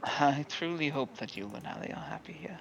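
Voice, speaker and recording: A player speaking in character in a tabletop game, calm and measured. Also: medium pitch, vocal fry, slight background noise.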